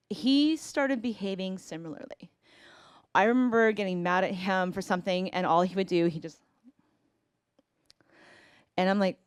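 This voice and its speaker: A woman's voice: mid-range voice, dry recording, studio quality. A woman in her forties telling a personal family story, earnest and reflective, acting out bits of dialogue.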